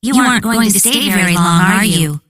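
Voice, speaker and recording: A woman's voice: medium pitch, animated, moderate pace, fairly bright tone, lightly acted. A woman voicing a friendly chatty textbook speaker. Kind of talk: scripted textbook dialogue.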